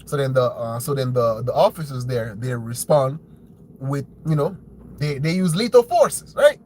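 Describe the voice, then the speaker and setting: A man's voice: lively intonation, normal speed, a little mellow, a little hiss or hum, poor audio. A man hosting a commentary show, ranting bluntly with profanity and a habit of asking "right?". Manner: blunt, profane, mocks opponents in shrill put-on voices. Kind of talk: opinionated commentary rant.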